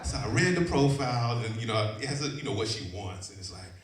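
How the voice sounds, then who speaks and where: A man from Chicago telling a personal story live on stage, animated and often laughing. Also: on the low side, fast talker. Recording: echoey venue, distant mic, audience. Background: audience.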